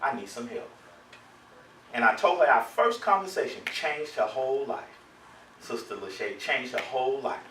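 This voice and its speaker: A man's voice: mid-range voice, sing-song, moderate pace, reverberant, far from the mic, noisy background. A man hosting a show as a relationship coach, preaching playfully to his audience with call-and-response and laughter.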